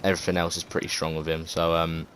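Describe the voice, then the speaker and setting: A man with an English accent talks through his gaming opinions in an offhand, meandering way. His voice sits very low, and he stumbles through fillers and swears freely. A faint hiss sits under his voice. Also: monotone, fast, fairly bright tone. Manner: rambling, hesitant, lots of fillers and swearing. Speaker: gaming video creator. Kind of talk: casual gameplay commentary.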